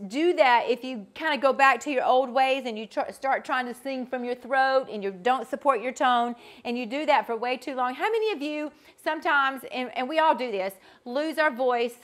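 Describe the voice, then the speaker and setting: A middle-aged woman, a vocal coach, teaching a group in a chatty, animated way with frequent restarts. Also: high-pitched. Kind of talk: casual teaching talk to a group.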